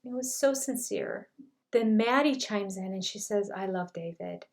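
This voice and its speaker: A woman's voice: medium pitch, animated, normal speed, vocal fry, a little mellow. An older woman reviewing a reality show in casual commentary, retelling scenes in a chatty way and quoting what people said.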